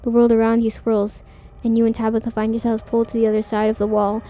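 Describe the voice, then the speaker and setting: A woman's voice: fairly high pitch, completely flat delivery, fast talker, mellow, no echo. A young woman streaming a horror game, reading its text aloud in a playful, reactive way. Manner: playful, reactive, swears and laughs. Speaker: gaming streamer.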